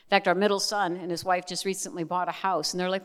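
A woman's voice: lowish voice, little pitch movement, fast talker, fairly bright tone, clear, resonant tone, in a large hall. A middle-aged woman giving a testimony sermon as a Christian speaker, talking candidly with chatty asides. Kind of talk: testimony sermon to a live audience.

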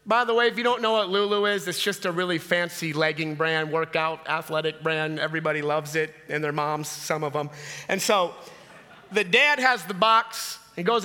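A man in his thirties preaching a sermon, telling animated stories and challenging the listeners directly. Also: high-pitched, moderate pace. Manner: animated storytelling, direct and confrontational. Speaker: pastor. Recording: long reverb in a large hall.

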